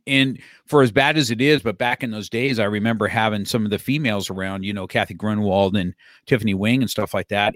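A man's voice: lowish voice, fairly bright tone, no room sound, studio quality. A man in his fifties, a martial arts instructor, telling stories in casual conversation, rambling and repeating his words. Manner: rambling, restarts and repeats words, chuckles often.

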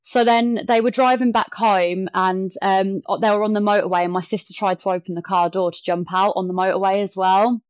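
A woman's voice: mid-range voice, brisk, hardly any pauses, clear, resonant tone, dry recording. A woman, a podcast guest telling a story in casual chat and acting out the quotes. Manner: animated retelling with acted-out quotes. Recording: dull lo-fi dry sound.

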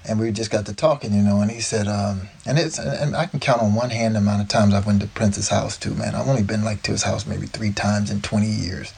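A man's voice: lowish voice, steady tone, brisk, creaky, few pauses, a little mellow, slightly rough. A man, the guest, telling casual, rambling stories and often tossing in "man" and "like.". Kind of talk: casual storytelling.

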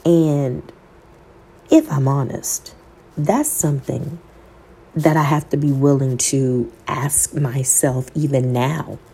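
A woman's voice: rumbling low, takes it slowly, gravelly, dark tone, breathy edge. A woman podcast host telling an emotional, faith-filled personal story, talking to listeners as y'all and quoting scripture in a sermon cadence.

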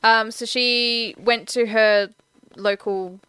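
Bright, clear-voiced woman summarising a film. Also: on the high side, steady tone, takes it slowly, no echo. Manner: plot-summarising, hesitant with ums, drops casual swears. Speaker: podcast co-host. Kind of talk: casual film recap chat.

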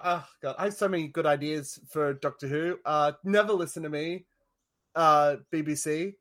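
A man with a fairly high speaking voice co-hosts a podcast. He talks in a loose, casual way. His humour is wry and self-mocking, and he laughs often. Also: normal speed, fairly bright tone. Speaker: podcast co-host. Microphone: podcast microphone, audio only.

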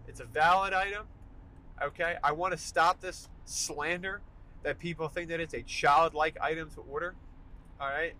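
A young man hosting a solo podcast from his car during a commute, ranting in an animated, emphatic way. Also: on the high side, normal speed, rough recording. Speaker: podcast host. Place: in a car while driving. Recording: faint car noise behind. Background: car road noise.

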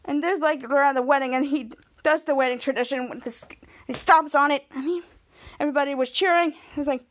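A woman with a high, bright voice recaps a TV episode in casual podcast chat. She rambles and restarts mid-sentence, stacking "and then" after "and then". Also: fairly even intonation, fairly quick. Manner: rambling retelling with restarts, acting out quoted lines. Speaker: podcast host.

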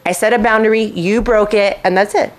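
A woman hosting a casual chat show, telling a story in an animated way, acting out quotes and swearing. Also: mid-range voice, fairly quick. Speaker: show host.

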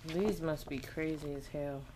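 Female co-host, low voice, blunt casual reactions. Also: fairly even intonation, background noise. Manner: blunt, quick reactive questions. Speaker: podcast co-host. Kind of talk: casual chat.

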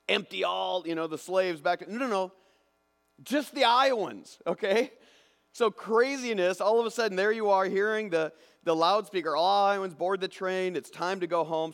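A man preaching a lively sermon, acting out imagined voices and swinging between loud bursts and hushed asides. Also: a little high. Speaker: pastor. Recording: long hall reverb.

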